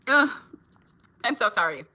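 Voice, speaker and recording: Woman vlogger, bright and forceful voice, fairly high, chatty and easy with her viewers. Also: sing-song, measured pace. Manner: chatty, laughs often, reacts to viewer comments. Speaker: vlogger and mom. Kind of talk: casual chat with viewers.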